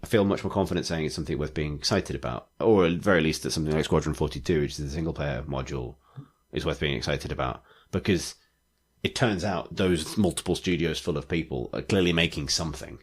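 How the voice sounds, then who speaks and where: Male podcast co-host, deep voice, loose rambling delivery. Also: fast talker, husky. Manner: rambling, full of "like" fillers. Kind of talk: casual chat.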